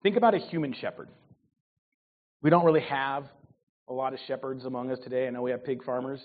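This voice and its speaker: A man in his forties preaching a sermon with humor, his voice swinging between loud and soft. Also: medium pitch, steady tone, a little fast. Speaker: pastor. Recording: tinny phone-like sound.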